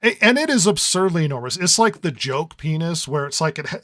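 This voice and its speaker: A man's voice: on the high side, animated, a little fast, a bit bright, dry recording, clean studio sound. A man co-hosting a podcast review in casual chat, rambling and riffing with lots of stammered restarts. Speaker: podcast co-host.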